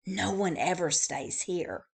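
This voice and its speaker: A woman's voice: on the low side, slow pace, creaky, slightly rough, full character voice. A woman voicing a polite, fretful hotel bellhop in a storybook, courteous and full of warnings. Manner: courteous, warning, hushed at times.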